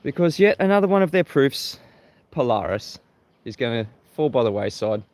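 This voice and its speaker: An Australian man hosts a live stream and chats straight to his viewers. He sounds combative and mocking, and he laughs often at his critics. His voice sits at a middle pitch. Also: very animated, moderate pace, darkish tone. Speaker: livestream host.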